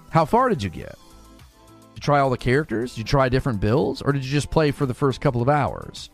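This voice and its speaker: A man streaming casually, reading his chat aloud and arguing his points, often repeating words as he rushes ahead. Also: mid-range voice, faint music behind. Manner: animated, argumentative, repeats words while rushing ahead.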